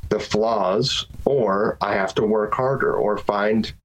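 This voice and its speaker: A man talking casually as a guest on a podcast, rambling with many restarts and animated bursts. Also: fairly low pitch, takes it slowly, poor audio. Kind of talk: casual interview chat.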